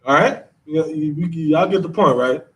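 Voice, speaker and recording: A man's voice: on the high side, normal speed, fairly bright tone, distant mic. A man, teaching a scripture class in a casual, repetitive, slangy way. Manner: conversational, repeats himself, drawling slang.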